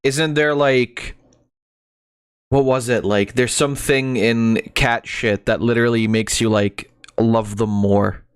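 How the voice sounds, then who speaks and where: A man's voice: mid-range voice, fairly even intonation, slow, clear, resonant tone, no echo, clean studio sound. A man streaming from home who chats casually over videos he is watching. He rambles and swears a lot. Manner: rambling and crude, swears often. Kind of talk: casual reaction commentary. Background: music from the video.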